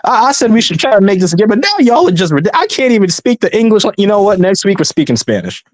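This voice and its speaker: A man co-hosting a wrestling podcast, ranting in exasperated, quick outbursts. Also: high-pitched, sing-song. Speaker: podcast co-host. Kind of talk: casual podcast banter.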